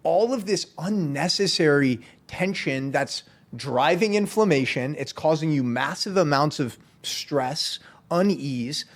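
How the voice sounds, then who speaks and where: Earnest podcast host, slightly high voice. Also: male voice, measured pace, hardly any pauses. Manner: earnest, steady, spiritual vocabulary. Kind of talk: reflective podcast conversation.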